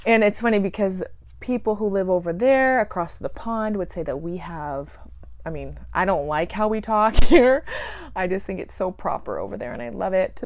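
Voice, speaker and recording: A woman's voice: medium pitch, darkish tone, dry recording. Giggly, rambling woman vlogger. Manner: giggly, rambling, self-deprecating. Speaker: plant YouTuber. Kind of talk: casual vlog chat.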